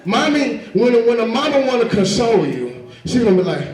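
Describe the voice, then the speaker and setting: A young man works a stand-up set with lively, animated storytelling and a high voice. The sound is roomy, with the mic set back from him. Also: brisk, recorded from a distance, crowd noise. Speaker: stand-up comedian. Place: comedy stage before a laughing audience. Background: audience laughter.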